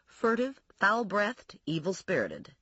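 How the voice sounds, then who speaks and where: A woman narrating an audiobook in a wry, expressive storytelling manner, with a husky voice. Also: medium pitch, slow pace, no echo, muffled recording.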